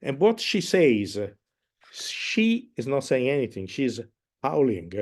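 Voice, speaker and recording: With a mid-range voice and big swings in pitch, a man conducting an opera masterclass speaks slowly and haltingly. He fills his explanation with fillers and breaks into singing and humming musical phrases.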